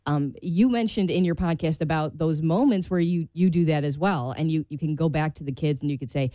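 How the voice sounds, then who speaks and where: A woman with a lowish, mellow voice co-hosting a faith radio talk show. She talks in a reflective, chatty way, laughs easily and acts out little inner voices. The studio sound is close and dry. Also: brisk, no echo. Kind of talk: faith-based radio chat.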